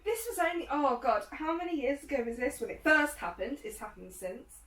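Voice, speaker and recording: A woman co-hosting a casual podcast, her voice bright and high and swinging freely up and down. She tells stories with gusto and acts out the people in them. She sits back from the microphone in an echoey room. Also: brisk. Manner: animated storyteller who acts out other people's voices. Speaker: podcast co-host. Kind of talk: casual chat, storytelling. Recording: roomy, distant from the mic.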